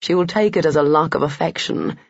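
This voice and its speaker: A man reading a gruff, grumbling Irishman. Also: on the high side, fairly quick, no echo. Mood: wry. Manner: dry, grumbling. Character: gruff, wry Irishman, Colin's worldly friend. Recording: dull lo-fi dry audio.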